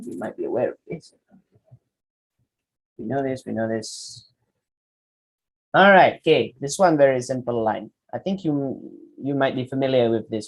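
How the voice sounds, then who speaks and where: A man giving a public speaking workshop, demonstrating with his voice and asking the audience questions. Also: medium pitch. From Malaysia. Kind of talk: workshop lecture.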